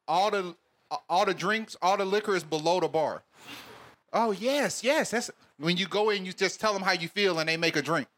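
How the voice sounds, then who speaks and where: A man's voice: high-pitched, a bit bright. A man from Alabama with a Southern accent, hosting a live event and joking with the audience. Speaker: event host. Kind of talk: live crowd work and hosting.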